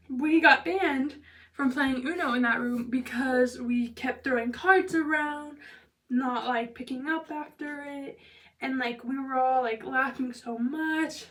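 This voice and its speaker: A woman's voice: high voice, recorded from a distance, slight background noise. A young woman vlogger telling a story in a loose, chatty way, filling it with "like" and "blah blah" and dropping to a whisper for asides. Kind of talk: casual storytelling.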